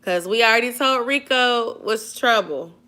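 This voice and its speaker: A young Atlanta-area woman hosts a casual late-night YouTube stream, reading out viewer comments and giving sisterly advice while sleepy and yawning. Her voice is a little high and sharp, and she talks a little slowly.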